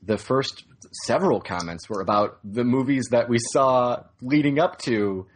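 A man's voice: mid-range voice, normal speed. A man co-hosting a podcast in casual chat, joking, teasing and rambling. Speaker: podcast co-host.

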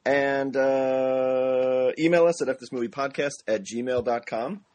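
A man's voice: mid-range voice, steady tone, unhurried, a little mellow. A man hosting a casual podcast, upbeat and jokey as he rattles off plugs and banters with his co-host.

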